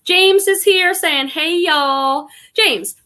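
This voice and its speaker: A woman from Boston hosting a casual live stream, chatting warmly and greeting viewers one by one as she reads the chat aloud. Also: extremely high pitch, very slow. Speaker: live stream host and online reseller.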